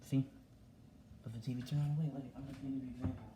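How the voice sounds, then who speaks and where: A man's voice: medium pitch, steady tone, racing, background noise. A young man ranting casually to his camera at home, repeating himself and swearing as he talks. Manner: repetitive, agitated, swearing. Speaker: vlogger. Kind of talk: casual vlog rant. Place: home indoors.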